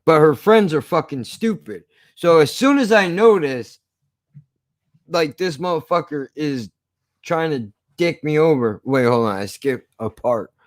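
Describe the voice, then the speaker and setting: A man's voice: on the high side, a little slow, no echo. A man casually telling a story from his past, swearing often and acting out the argument. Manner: profane, animated retelling.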